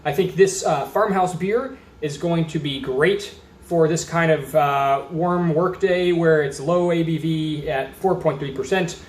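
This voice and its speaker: A man's voice: fairly high pitch, measured pace. Chatty man reviewing beer, roomy sound. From Austin, Texas. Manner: chatty, rambling, reads labels aloud. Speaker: beer reviewer, channel host. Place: indoors at a table. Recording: roomy echo.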